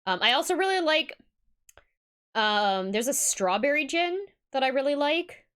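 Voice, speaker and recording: A woman's voice: sits high, expressive, unhurried, a bit bright. A woman streamer chatting casually and giggling with her viewers while reading a game aloud.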